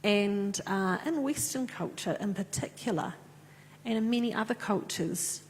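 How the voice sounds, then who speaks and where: A woman's voice: mid-range voice, a little slow. A woman preaching a sermon and reading scripture in an earnest, conversational way. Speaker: pastor. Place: church. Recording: echoey church with faint hum.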